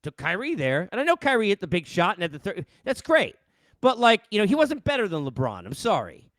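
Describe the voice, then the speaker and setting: Animated New man ranting, high voice. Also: fairly quick, no room sound. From New York. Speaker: podcast host. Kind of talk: solo sports rant. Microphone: headset.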